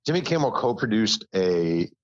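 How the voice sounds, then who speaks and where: Low-voiced man telling a lively story. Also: moderate pace, dull audio. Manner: animated storyteller who acts out quotes, self-deprecating. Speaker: podcast guest, author. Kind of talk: casual interview storytelling.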